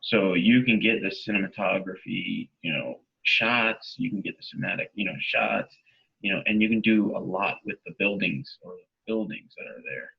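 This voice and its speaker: A man's voice: sits low, moderate pace, vocal fry, husky, highs cut off. A man co-hosting a wrestling podcast, laid-back and rambling with lots of "um" and "you know". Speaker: podcast co-host. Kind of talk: casual wrestling podcast chat.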